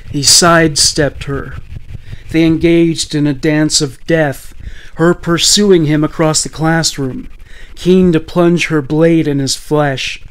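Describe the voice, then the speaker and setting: A man reading a scripted true-crime story in a measured, blunt manner with occasional profanity. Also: a little high, smooth. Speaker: narrator.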